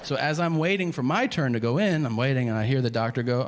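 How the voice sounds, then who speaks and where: A man's voice: mid-range voice, fast, few pauses. A male stand-up comedian telling a story on stage, profane and conversational, acting out the voices of the people in it. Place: large hall before a live audience. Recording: live stage recording in a reverberant hall. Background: audience laughter and ambience.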